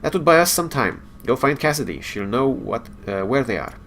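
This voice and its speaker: A man's voice: mid-range voice, sing-song, fairly quick, creaky, a bit bright, a little hiss or hum, pitched above the performer's own voice. A man reading out the lines of a friendly, worried male starship engineer from a game, with no accent. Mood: earnest. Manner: reads game dialogue aloud in a raised plain voice, no accent.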